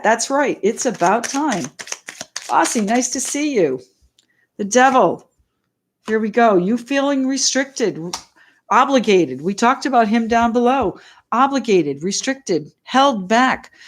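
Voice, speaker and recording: Excitable chatty woman reading tarot. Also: a little high. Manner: excitable, chatty, greets viewers by name. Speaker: tarot reader.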